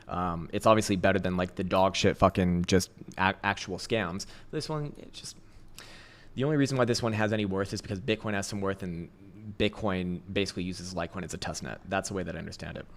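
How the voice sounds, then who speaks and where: A man hosting a crypto trading livestream, talking casually and bluntly with heavy swearing, frequent laughs and rambling restarts. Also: deep voice. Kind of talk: casual livestream chart commentary.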